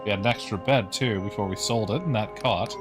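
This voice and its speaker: Game role: a weary, wistful partner, voiced by a man, quiet. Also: lowish voice, a little fast, over music, close to an everyday voice.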